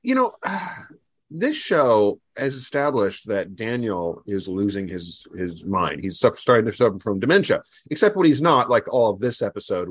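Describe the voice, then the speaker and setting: A man's voice: fairly low pitch, dry recording. A man co-hosting a podcast, giving casual critical commentary on a TV show in a sarcastic, wry way. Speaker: podcast co-host.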